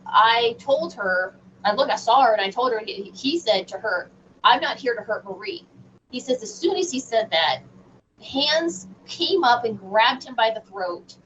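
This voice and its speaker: Woman telling a story, distant lo-fi mic. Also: on the high side. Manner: animated, halting with fillers and restarts. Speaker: guest medium. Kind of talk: casual storytelling in a radio interview. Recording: distant, dull lo-fi sound with faint noise.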